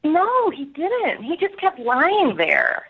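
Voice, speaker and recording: A woman with a high, lively voice talks into a radio show over the phone. She sounds earnest and hedges often with little fillers. Her voice comes through a slightly dull, muffled line. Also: slow pace, crowd noise. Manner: earnest, hedging with "like" and "I mean". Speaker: caller. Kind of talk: casual phone conversation.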